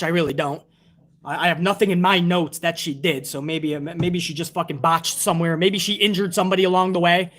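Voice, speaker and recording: A man with a fairly high voice rants through a wrestling recap in casual live-stream style. He swears constantly and leans on sarcasm as he works through the show. He stops now and then to thank viewers for tips. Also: a bit bright. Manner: profane, ranting, sarcastic.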